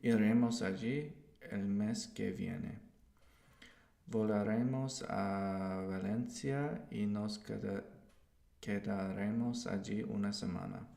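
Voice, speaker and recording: A man streaming himself learning a language, talking in a slow, hesitant way with fillers. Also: lowish voice, steady tone, creaky, mellow. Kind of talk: casual live stream commentary. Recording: roomy echo.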